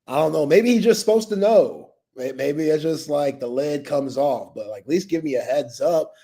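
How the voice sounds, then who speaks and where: A man's voice: on the high side, expressive, moderate pace, dark tone. Laughing slangy male sports co-host. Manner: loose, slangy, laughs often. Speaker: sports talk show co-host. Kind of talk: casual sports chat.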